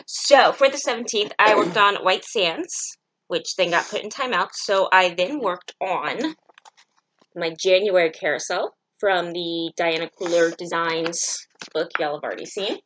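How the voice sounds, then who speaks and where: A woman co-hosting a casual show-and-tell chat, playful and excitable, joking as she goes. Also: lowish voice, a little slow, slight background noise. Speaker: co-host.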